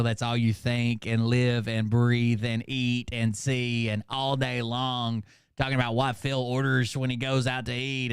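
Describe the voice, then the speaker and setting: A man's voice: mid-range voice, clean tone, no room sound, studio quality. A man hosting a reaction channel, mocking a clip in profane, incredulous asides. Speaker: commentary channel host. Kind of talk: sarcastic reaction commentary.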